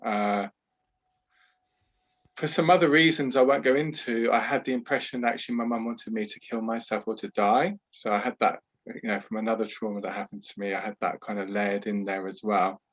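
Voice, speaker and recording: A man, a podcast guest who talks candidly and at a measured pace about his own past, often adding "you know". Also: lowish voice, fairly even intonation, highs cut off. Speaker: podcast guest, trauma healer. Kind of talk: reflective personal storytelling.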